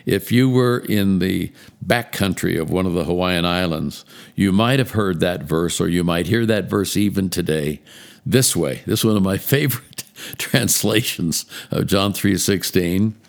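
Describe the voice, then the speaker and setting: Deep gravelly pastor preaching slowly. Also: male voice. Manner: slow, measured storytelling with dramatic pauses. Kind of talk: Christmas Eve sermon.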